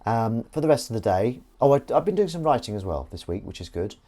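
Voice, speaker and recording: While washing dishes at his kitchen sink, a man live-streams and rambles wryly to his viewers, chatty as he does his chores. His mid-range voice is warm and fast, with big pitch swings.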